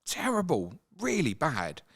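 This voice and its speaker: A man hosting a casual football chat, animated and swinging up high when he mimics players. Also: a little slow, slightly rough. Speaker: football podcast host.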